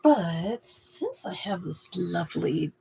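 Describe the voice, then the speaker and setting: Woman host narrating her painting in a slow, unhurried ramble, talking to herself as she works. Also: lowish voice, sing-song, creaky, noisy background. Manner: muttering to herself, hesitant and chatty. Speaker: craft video host. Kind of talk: casual talk while painting.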